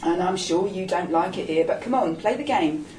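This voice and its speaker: A woman's voice: lowish voice, moderate pace, darkish tone, a little hiss or hum, lightly acted. A woman voicing a streetwise older man, cheeky, coaxing and full of slang, in a storybook reading. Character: streetwise older gay man, wry and bossy. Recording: roomy echo, distant mic.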